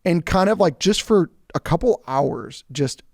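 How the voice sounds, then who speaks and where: Co-host, male, rambling casual talker, gravelly and dry. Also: high voice, expressive, measured pace, a little mellow, no echo. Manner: rambling, filler-heavy storytelling. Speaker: podcast co-host. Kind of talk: casual chat.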